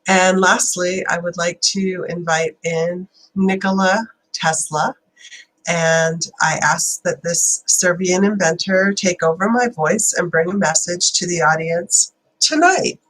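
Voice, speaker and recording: A woman hosting a spiritual channeling livestream. She chats loosely with fillers, then slows into a prayerful invocation. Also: lowish voice, fairly bright tone, low-quality recording. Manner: chatty and rambling, then slow and prayerful.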